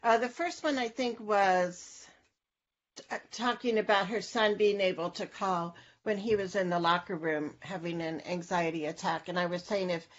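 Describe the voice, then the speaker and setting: A woman hosting a casual chat who speaks hesitantly and fills her pauses with "um" and "you know". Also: mid-range voice, steady tone, dull audio. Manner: hesitant, many fillers. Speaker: host.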